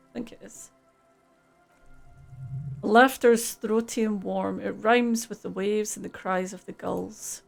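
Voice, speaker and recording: Woman streamer, slightly high and gravelly, chatty, reads game text aloud over faint music. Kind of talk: live gameplay commentary and reading aloud.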